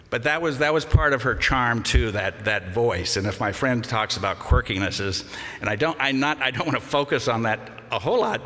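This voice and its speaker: An older man giving a memorial eulogy, telling fond anecdotes with gentle humor. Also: on the low side. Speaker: eulogy speaker. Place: large congregation hall. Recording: long reverb of a large hall.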